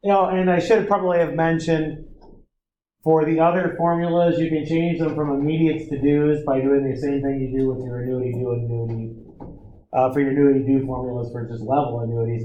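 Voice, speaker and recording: Heard through a muffled recording with a little hiss or hum, a man with a medium-pitched voice speaks briskly in a flat delivery. He's a math lecturer in a classroom lecture, working through each step with students and checking in with frequent tag questions.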